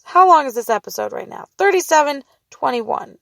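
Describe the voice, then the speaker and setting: A woman's voice: high voice, expressive, normal speed, gravelly, fairly bright tone, no echo. Chatty, rambling woman telling a festival story. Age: young adult or middle-aged, mother of two daughters. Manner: chatty and rambling, swears freely, trails off and restarts. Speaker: vlogger recounting a festival trip. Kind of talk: casual storytelling monologue.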